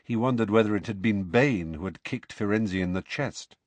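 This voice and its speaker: A man narrating a storybook in an expressive, varied scripted reading. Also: lowish voice, moderate pace, dry recording. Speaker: audiobook narrator.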